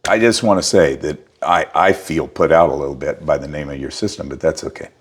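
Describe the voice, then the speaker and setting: A man's voice: fairly quick, breathy edge. A man interviewing a guest at a trade show, playful and teasing in his questions. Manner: playful, teasing, lively pitch swings.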